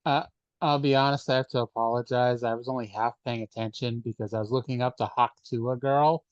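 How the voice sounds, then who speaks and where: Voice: medium pitch, steady tone, brisk, no echo. Dry, hesitant podcast co-host, muffled sound. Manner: dry, hesitant, lots of fillers. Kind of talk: casual chat.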